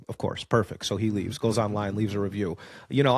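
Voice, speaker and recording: A man's voice: lowish voice, fairly even intonation, a little fast, gravelly, darkish tone. A man who owns auto repair shops, talking casually as a podcast guest. He tells stories with energy, swears freely and acts out the people he quotes. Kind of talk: casual conversation.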